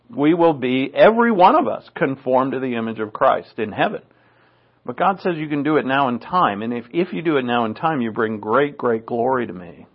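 A man preaching a sermon in an earnest, conversational way, often saying "you know". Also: mid-range voice. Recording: dull, lo-fi recording.

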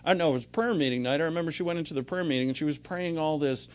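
A man's voice: fairly high pitch, very fast. A middle-aged man preaching a sermon in a conversational, rambling way, full of anecdotes and restarts. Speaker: pastor.

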